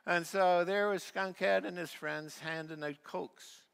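A man preaching a sermon as pastor, telling a story with many fillers and restarts, and dropping to a soft, quiet voice at key points. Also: sits high, steady tone, unhurried, vocal fry, clear, resonant tone. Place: church sanctuary. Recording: long reverb of a church hall.

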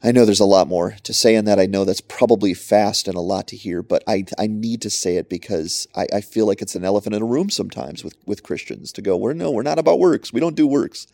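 A man's voice: on the low side, fairly even intonation, fast talker, hardly any pauses, a little mellow, no echo. A man preaching a short podcast sermon into a close mic, emphatic and repeating his points for stress. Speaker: pastor.

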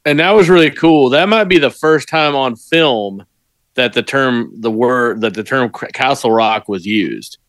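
A man's voice: mid-range voice, animated, unhurried, a bit bright, dry recording. A man co-hosting a podcast, chiming in with agreement and bits of movie trivia in a casual way. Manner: adds trivia, affirming, with fillers. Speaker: podcast co-host.

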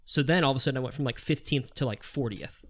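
Podcast host, male, casual storyteller, lively quoting of others. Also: mid-range voice, fast. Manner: animated retelling with quoted voices, swearing.

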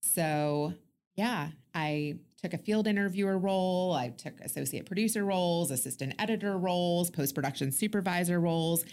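Upbeat woman, kinda low voice, high energy casual chat. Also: moderate pace, a little mellow, clean tone. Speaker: TV producer.

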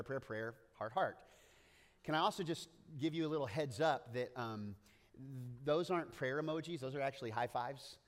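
A man's voice: mid-range voice, in a large hall. Joking man preaching with playful asides. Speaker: pastor. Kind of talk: sermon.

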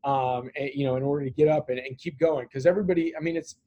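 A man's voice: mid-range voice, fairly even intonation, quick pace, highs cut off. A man being interviewed as a business owner, talking earnestly about his goals with many fillers and repeated words. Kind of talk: conversational interview answer.

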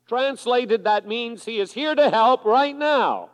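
A man with a high voice preaches slowly and deliberately, giving each phrase room. He reads scripture to his congregation and then explains it. The 1980s recording carries the long reverb of a large church sanctuary. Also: animated. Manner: measured preaching, reading scripture aloud to a congregation. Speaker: pastor. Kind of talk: sermon.

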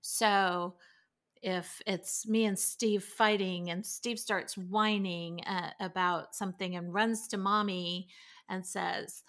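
Middle-aged woman, podcast guest, animated storyteller, acts out voices, mid-pitched. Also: slow pace. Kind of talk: casual podcast conversation.

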